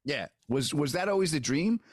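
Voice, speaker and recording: Man, comedian podcast host, playful, lively pitch, laughs easily. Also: moderate pace, no room sound, clean studio sound. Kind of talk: podcast interview.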